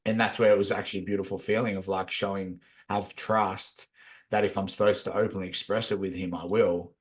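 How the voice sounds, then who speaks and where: A man's voice: deep voice, level tone, brisk. A man chatting casually on a podcast, laid-back, swearing a lot as he talks about feelings and energy. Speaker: podcast co-host. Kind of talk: casual chat.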